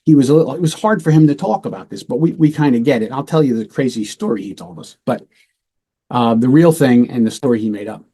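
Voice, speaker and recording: A middle-aged retired police lieutenant hosts a podcast, recounting a true-crime case in a relaxed, matter-of-fact manner. His dark, mellow, husky voice is medium-pitched and fast, and he briefly imitates the voices of people in the story.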